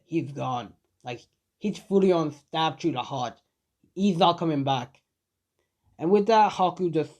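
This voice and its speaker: A man casually narrating a fan-made story. He rambles, leans on fillers, and talks straight to his viewers. His voice sits somewhat high for a man. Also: a little mellow.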